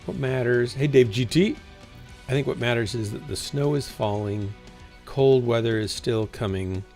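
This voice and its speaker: A man's voice: medium pitch, moderate pace, darkish tone, soft background music. A man chatting casually to a small chat while playing a game on a livestream, rambling to himself and sometimes yawning. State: yawning, tired. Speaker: livestreaming gamer.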